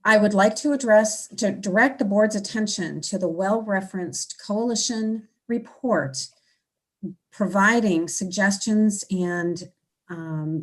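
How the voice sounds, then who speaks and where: A woman's voice: medium pitch, rough recording. A woman physician giving formal public testimony over a remote call, polite and businesslike.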